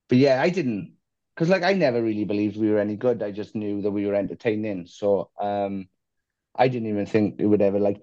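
A man rambles through self-deprecating stories in a casual interview, swearing now and then. His voice is mellow and dark, recorded close and dry. The sound is a little muffled. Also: lowish voice, dry recording. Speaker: musician guest.

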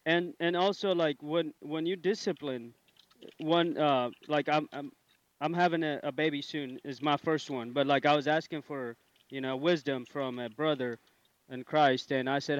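A man's voice: a little high, fairly even intonation, moderate pace, dry recording, muffled recording. A young adult man co-hosting a casual podcast discussion, earnest and often repeating words as he thinks. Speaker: podcast co-host.

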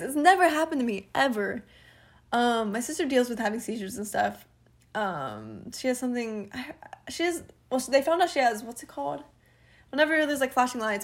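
A young woman of about twenty, venting casually on her own podcast, rambling with lots of fillers and laughing now and then. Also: fairly high pitch. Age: young adult. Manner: rambling, filler-heavy, candid, frequent laughs. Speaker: podcast host.

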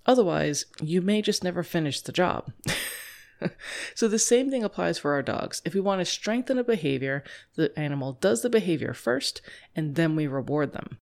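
A woman teaching dog training with a bouncy, animated voice that rises and falls a lot. She sounds chatty and playful, laughs often, and acts out small everyday scenes to make her points. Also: on the low side, normal speed, gravelly. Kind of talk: explaining dog training to viewers.

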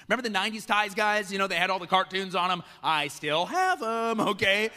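A middle-aged pastor from Iowa, preaching a conversational sermon, asking the crowd questions and acting out dialogue. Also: male voice, high voice, lively intonation, brisk, hardly any pauses, bright, forceful tone. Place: church hall. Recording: long reverb of a large church hall.

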